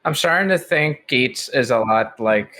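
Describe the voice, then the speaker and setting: Bright-voiced joking man. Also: mid-range voice, expressive, measured pace. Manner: joking, stammering. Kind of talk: casual chat.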